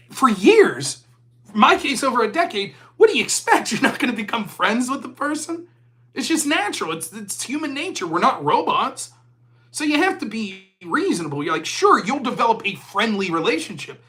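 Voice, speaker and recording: A middle-aged American man talking casually as a podcast host, telling stories, acting out dialogue and swearing freely. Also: sits high. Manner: animated storytelling, acts out dialogue, swears freely. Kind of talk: casual monologue.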